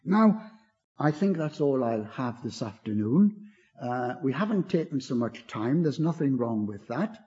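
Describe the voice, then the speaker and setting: An older man preaching a sermon, earnest and gentle, his voice rising on key words and falling away low. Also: sing-song, unhurried. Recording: dull lo-fi recording.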